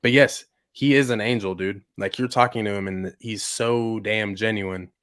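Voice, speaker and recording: Young male podcast host, low-pitched, dry close sound, excitable casual rambler. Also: normal speed, dry recording. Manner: excitable, heavy use of "like" and "bro". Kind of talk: casual chat.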